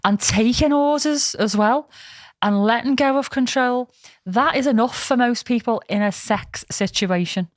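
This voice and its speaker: A woman's voice: on the high side, unhurried, dry recording, studio quality. A woman co-hosting a podcast in frank, laughing casual chat. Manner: chatty, laughs often, frank. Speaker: podcast co-host.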